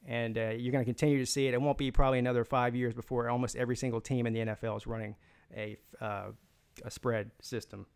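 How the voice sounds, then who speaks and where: A man's voice: mid-range voice, flat delivery, quick pace, a little mellow, clean tone. A man hosting a live sports stream, rambling through opinions and reading out viewer comments, with frequent restarts and fillers. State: has the hiccups. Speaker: sports channel host.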